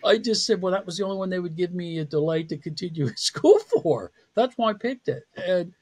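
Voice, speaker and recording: A man's voice: high-pitched, lively intonation, a little fast, slightly rough. A man speaking as a podcast interview guest and psychology professor, telling his career story in a candid, self-deprecating way with frequent laughs.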